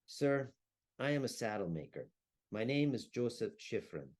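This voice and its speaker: A man's voice: medium pitch, very animated, normal speed, a little mellow, close to an everyday voice. A man reading the lines of an elderly grieving Jewish saddle maker who laments and curses bitterly. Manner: lamenting, rising to furious curses.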